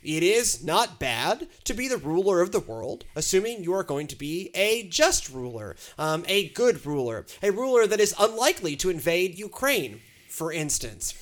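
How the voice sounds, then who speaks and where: A man's voice: high voice, sing-song, normal speed, few pauses. A man co-hosting a casual church discussion, talking through scripture with wry asides and lots of fillers. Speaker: pastor co-host.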